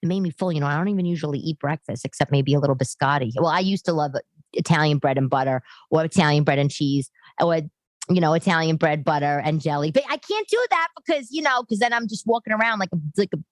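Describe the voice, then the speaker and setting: A woman's voice: sits low, animated, quick pace, no echo. A middle-aged woman, hosting a podcast in rambling, chatty, self-deprecating solo talk. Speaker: podcast host. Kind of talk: casual solo chat. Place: living room.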